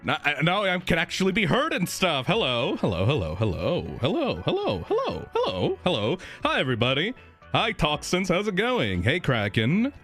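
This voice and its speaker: A man's voice: a little high, wildly swooping pitch, moderate pace, a bit bright, faint music behind. A man streaming live, chatting casually, greeting viewers and swearing a lot.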